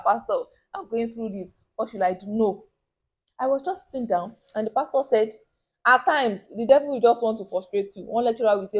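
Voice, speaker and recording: A young woman, telling a personal story to camera in a casual, animated way and acting out the people she quotes. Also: medium pitch. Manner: animated, acts out quoted voices, bursts of laughter.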